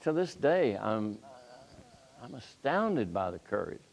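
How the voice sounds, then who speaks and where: A man's voice: lowish voice, sing-song, slow, gravelly, a little mellow. An older man from Nashville on a forum panel, telling a story and acting out the quoted dialogue with energy.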